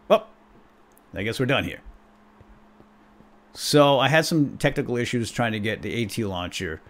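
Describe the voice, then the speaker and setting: Man, let's play host, animated and joking, big pitch swings. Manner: animated, jokey, exclaims and laughs often. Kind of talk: casual gameplay commentary.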